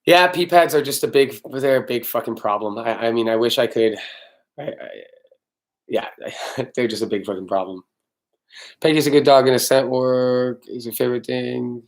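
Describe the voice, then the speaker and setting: A man's voice: mid-range voice, moderate pace. A man hosting a casual live-stream Q&A as a dog trainer, talking bluntly, swearing freely and answering viewers by name.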